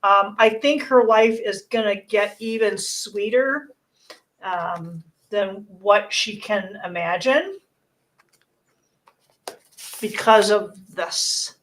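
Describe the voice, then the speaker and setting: A woman's voice: medium pitch, slow pace, pauses often, a bit bright. Earnest woman giving a card reading. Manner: earnest, reassuring, talks in loose restarts. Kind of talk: casual spiritual card reading.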